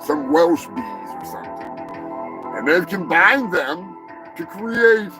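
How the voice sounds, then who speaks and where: A man's voice: high voice, lively intonation, takes it slowly. A male show host delivering a crude, sarcastic comedic news rant, swearing freely and mocking the stories he reads. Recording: music playing underneath.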